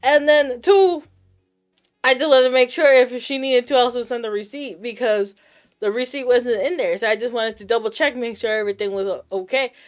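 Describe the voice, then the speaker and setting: A woman with a somewhat high voice tells her chat a story in a loose, animated rant. She acts out both sides of the exchange as she goes. Soft lo-fi music plays faintly behind her. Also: normal speed. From United States, of Puerto Rican Caribbean roots. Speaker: streamer.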